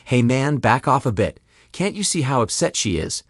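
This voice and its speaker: A man's voice: mid-range voice, very animated, normal speed, no room sound, studio quality. A man doing a cocky, drawling lover. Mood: dismissive. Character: cocky young male tennis-playing lover.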